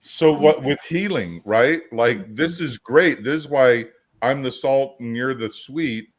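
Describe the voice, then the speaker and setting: Taking it slowly in a mid-range voice, a man co-hosts a coaching podcast with assertive, casual talk. He brings his stories to life by acting out the quotes.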